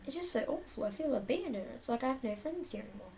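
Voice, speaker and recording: A woman's voice: on the high side, expressive, fast talker. A young woman casually reading typed chat lines aloud and adding chatty asides to the camera. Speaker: YouTuber playing a chat game. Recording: loud background music.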